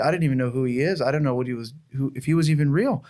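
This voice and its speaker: A man's voice: medium pitch, racing, dark tone. A man who is starting a new church tells his personal testimony in a conversation, speaking earnestly and often restarting his sentences. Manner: earnest, heartfelt storytelling with frequent restarts. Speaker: church planter.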